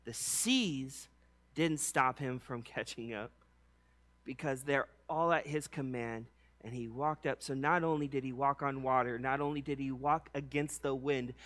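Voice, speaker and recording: A man with a mid-range voice preaches a casual sermon in slangy, conversational language, telling the story with animated, acted-out bits.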